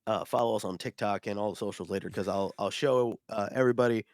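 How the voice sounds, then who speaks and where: A man co-hosting a podcast, telling stories in a rambling, animated way with lots of fillers. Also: fairly low pitch, fast, no echo. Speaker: podcast co-host. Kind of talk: casual chat.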